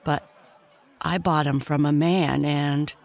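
A bedtime-story narrator voicing Mister Drake, a fair-minded male circus owner, in a near-natural, measured voice. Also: mid-range voice, steady tone, creaky.

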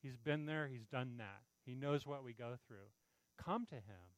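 A man's voice: mid-range voice, normal speed, no room sound, rough recording. A man preaching a sermon in an earnest, pleading, conversational way, often checking in with his listeners. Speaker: pastor.

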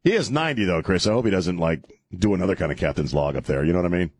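A man's voice: sits low, expressive, rapid-fire, darkish tone, slightly rough, no echo. A man hosting a talk radio show, rambling and joking in a casual on-air chat, often chuckling as he talks. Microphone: studio broadcast mic.

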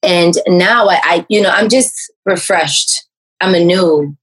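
A woman, a life coach, telling her personal story in an interview, animated and full of fillers and restarts. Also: slow, husky, low-quality recording. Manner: animated storyteller, raises pitch to act out quoted speech.

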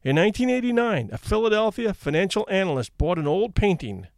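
A man's voice: high voice, big pitch swings, a little fast, dry recording, clean studio sound. A man reading out anecdotes in a wry, conversational storytelling manner. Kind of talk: casual read-aloud narration.

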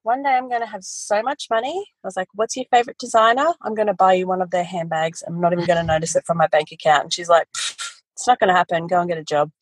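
A woman, a guest telling her business story in a casual interview, animated and quick to laugh. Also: fairly low pitch, dry recording, low-quality recording. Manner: animated storytelling, quotes family in voices, laughs often. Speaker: guest, photography educator.

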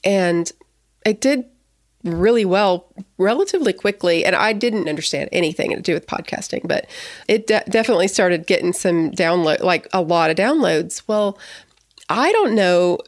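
A woman in her thirties hosting a podcast, chatting in a rambling, excitable way with frequent restarts. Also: fairly low pitch, normal speed, dry recording, studio quality. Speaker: podcast host. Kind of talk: casual podcast chat.

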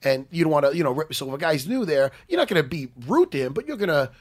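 Animated, fast-talking New man. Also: fairly high pitch. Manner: animated, swearing storyteller. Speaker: podcast co-host, jiu-jitsu fighter. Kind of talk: casual chat.

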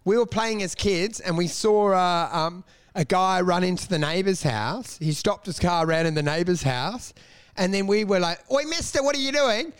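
A man's voice: sits high, moderate pace, clear, resonant tone. A young man in casual comedic chat, rambling through stories, swearing and laughing as he goes.

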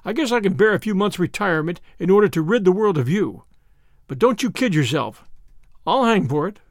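A man's voice: sits high, expressive, brisk, no echo, studio quality. A man voicing a brash young American man with an American accent in an audiobook, drawling and cheerfully menacing. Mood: cocky. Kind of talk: audiobook character voice.

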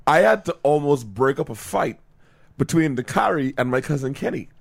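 A man co-hosting a podcast in casual chat, an animated storyteller who laughs often and acts out quotes. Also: a little high, normal speed, vocal fry. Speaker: podcast co-host.

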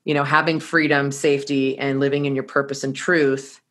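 A woman telling a personal story to an audience in an animated way, laughing now and then and often restarting her sentences. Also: very deep voice, normal speed. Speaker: course teacher.

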